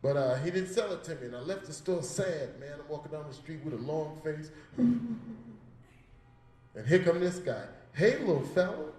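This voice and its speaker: Doing a comedy set in an art gallery, this man spins stories into a handheld mic, loose and profane, slipping into the voices of the people involved. His voice is on the high side and expressive, with a darkish tone and normal speed. A distant mic gives a reverberant, low-quality recording.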